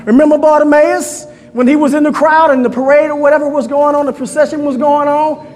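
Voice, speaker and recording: Man preaching, extremely high voice, fervent and shouting, reverberant church hall with a faint crowd. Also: level tone, brisk. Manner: fervent, calls out to the congregation, frequent shouting. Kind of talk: sermon.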